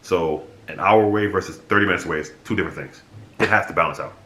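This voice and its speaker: A young man talking straight to his viewers, telling a story in a blunt, animated way and swearing freely. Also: low voice, fast, a little hiss or hum. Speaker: vlogger. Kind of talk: casual storytelling monologue. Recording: echoey room.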